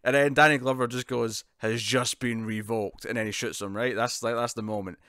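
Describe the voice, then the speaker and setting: A man's voice: medium pitch, fast, sharp tone, no echo, studio quality. A man co-hosting a casual podcast review, talking with lots of laughs and repeated words. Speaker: podcast co-host.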